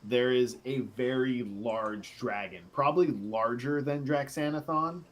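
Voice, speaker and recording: A man narrating as game master in a casual online tabletop game, describing scenes slowly with fillers. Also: mid-range voice.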